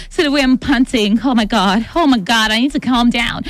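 A chatty Nigerian woman hosting a radio show, her voice sitting a little high. She reads out listener texts and slips into pidgin. The studio mic sounds close and dry, with no room around her. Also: a little fast, dry recording. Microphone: studio microphone.

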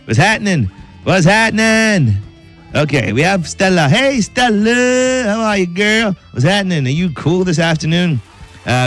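Nigerian male radio host in a comedy sketch, playful and animated, faint music underneath. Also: on the high side.

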